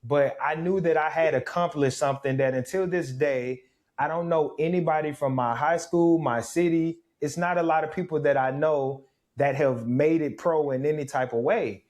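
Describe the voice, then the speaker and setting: Man in his 30s, somewhat high voice, reflective storyteller, interview guest. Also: moderate pace. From Mississippi, USA. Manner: reflective, animated storytelling with laughs. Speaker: guest, former pro football player.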